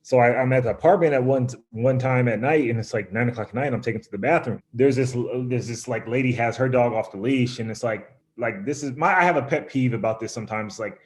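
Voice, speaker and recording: A man's voice: mid-range voice, fast talker, few pauses. Laid-back man telling a rambling story. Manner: relaxed, rambling, full of fillers, acts out quotes. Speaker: professional baseball pitcher, guest. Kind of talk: casual storytelling.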